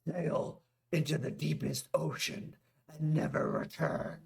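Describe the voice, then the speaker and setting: A man voicing a grim, vengeful male warrior lieutenant who talks in a low, intense, commanding way. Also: level tone, slow pace, gravelly, darkish tone, slightly rough, exaggerated voice.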